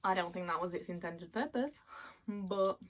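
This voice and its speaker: A woman chatting casually as she unboxes items at home, excitable and quick to laugh. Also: lowish voice, slight background noise. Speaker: vlogger. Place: at home, in a bedroom.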